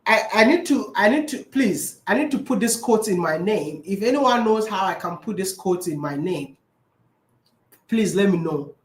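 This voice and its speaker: A man's voice: high-pitched, lively intonation, normal speed. Laughing man in a roomy room. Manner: laughing often, repeating phrases, calling people man and bro. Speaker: vlogger answering viewer questions. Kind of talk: casual chat. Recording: roomy echo.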